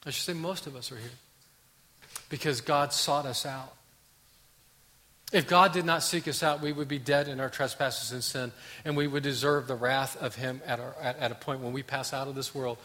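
A man preaching a sermon as pastor, swinging from loud, emphatic passages to quiet, hushed ones. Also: mid-range voice, steady tone, normal speed. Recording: long hall reverb.

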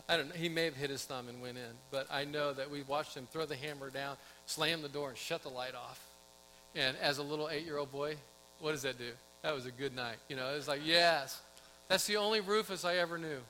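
A man's voice: a little high, bright, forceful tone, a little hiss or hum, low-quality recording. A middle-aged male pastor preaching a sermon in a casual, storytelling way, asking the congregation questions.

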